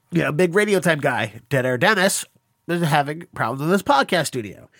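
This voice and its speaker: A man's voice: a little high, expressive, brisk, fairly bright tone, dry recording. A man hosting a podcast interview in casual chat, rambling in a self-conscious, apologetic way. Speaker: podcast host.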